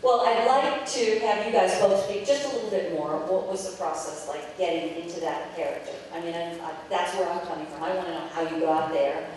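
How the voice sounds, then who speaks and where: A woman moderates a festival Q&A and keeps fumbling and restarting her questions. Her voice sits on the low side, and a distant mic in a long-reverb hall carries it. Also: brisk, hardly any pauses, darkish tone, slight background noise. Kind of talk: asking questions. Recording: roomy hall audio from far off.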